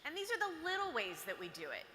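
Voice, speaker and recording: A woman's voice: sits high, huge pitch swings, fast talker, bright, forceful tone. A woman giving a playful, chatty motivational talk to a live audience of girls. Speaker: workshop speaker for girls. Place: large hall. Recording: echoey hall with long reverb.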